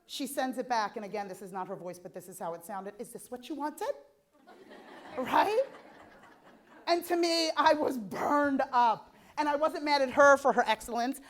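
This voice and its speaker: A woman with a slightly high voice delivers a motivational keynote at a conference. She talks in an animated way and keeps checking in with her listeners. She sounds like she is in her thirties. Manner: animated, repeats "right?" to the audience. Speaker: keynote speaker. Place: conference hall.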